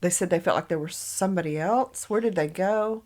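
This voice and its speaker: A woman's voice: lowish voice, fairly quick, a little mellow. A woman with a Southern US accent, co-hosting a podcast in casual chat and telling stories with frequent laughs. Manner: chatty storyteller, laughs often. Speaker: podcast co-host.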